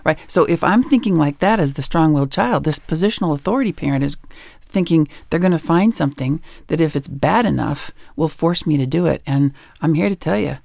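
Woman author on a radio show, bit of vocal fry, sure of herself, dry close sound. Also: low-pitched, animated, a little fast, a little mellow, no room sound. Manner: emphatic, self-assured storytelling. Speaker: guest author and educator. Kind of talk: radio interview.

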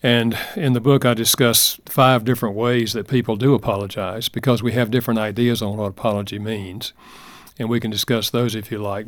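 An older man in a radio-style interview, speaking at a middle pitch in an earnest, gentle and unhurried way. His voice is close and dry, with no room sound around it. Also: dry recording. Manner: earnest, gentle, measured storytelling. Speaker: author and counselor, guest. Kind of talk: reflective interview storytelling.

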